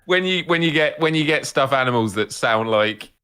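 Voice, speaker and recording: A man co-hosting a casual livestream chat, easygoing, asking quick questions. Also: mid-range voice, lively intonation, pushed and bright, smooth. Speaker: podcast co-host.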